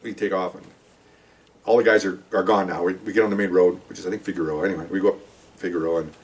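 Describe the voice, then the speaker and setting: A man's voice: sits low, fairly even intonation, fast, recorded from a distance. An older man, a retired police officer, telling stories in a casual monologue, checking in with "okay?" and acting out quoted dialogue. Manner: conversational, frequent "okay?" check-ins, acts out quoted dialogue.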